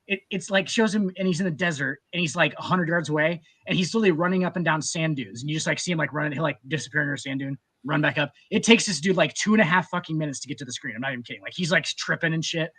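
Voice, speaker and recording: A man's voice: on the high side, fast talker, few pauses, a bit bright, breathy edge. A man co-hosting a casual podcast, telling loose, profane stories full of "like". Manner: loose, profane, storytelling with filler "like". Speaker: podcast co-host. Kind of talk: casual chat.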